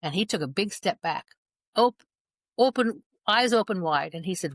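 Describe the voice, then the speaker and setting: A woman's voice: medium pitch, animated, normal speed, no room sound. A middle-aged woman, a mother and guest, giving an earnest personal account in conversation and acting out past dialogue as she goes. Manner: earnest, reenacts dialogue in her retelling.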